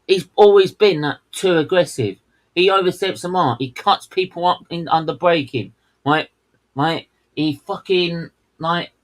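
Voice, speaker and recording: A man's fuming live race commentary comes through a low-quality recording as he co-hosts a watchalong, swearing at drivers in heated outbursts. His voice is a little high and a bit bright.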